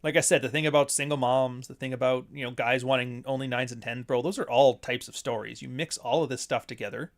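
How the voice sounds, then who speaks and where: Animated profane man livestreaming. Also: medium pitch, fairly quick, hardly any pauses. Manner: animated, laughing, profane storytelling. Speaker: livestream host and author. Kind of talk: casual livestream chat reading super chats.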